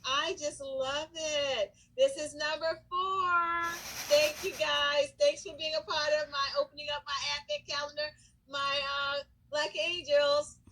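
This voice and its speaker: A middle-aged woman, a school counselor, casually telling a lively story to the camera. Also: sits high, a little slow, rough recording. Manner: animated, lively storyteller who breaks into excited shouts and acts out quotes.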